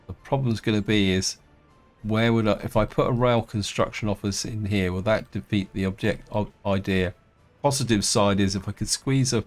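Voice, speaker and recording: Slow, low-voiced man thinking aloud. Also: a little mellow. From England. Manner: thinking aloud, hesitant, many restarts. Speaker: game let's-player. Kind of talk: casual gameplay commentary.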